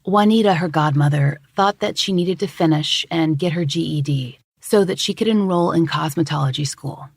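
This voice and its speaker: A woman host reading scripted true-crime narration in a measured, even way. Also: low voice, vocal fry, slightly rough, no echo, studio quality. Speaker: podcast host.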